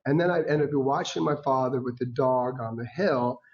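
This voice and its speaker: A man giving a talk as a guest speaker, telling personal stories in a lively way, acting out the voices of people he quotes and laughing often. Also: mid-range voice, a little fast. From United States. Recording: dull lo-fi recording.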